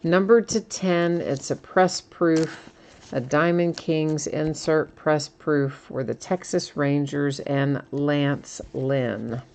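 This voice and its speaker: A woman with a notably low voice talks loosely on a live stream, rambling from topic to topic and breaking into small laughs. She hosts a trading card break in a relaxed, casual chat manner. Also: slow, a little hiss or hum. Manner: chatty, rambling, laughs often.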